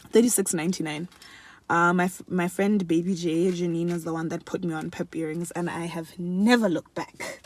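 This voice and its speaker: A young woman chatting casually to camera in a favourites vlog, animated and laughing often, switching between English and another language mid-sentence. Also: lowish voice, normal speed, dry recording. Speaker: beauty and lifestyle vlogger. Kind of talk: casual chat.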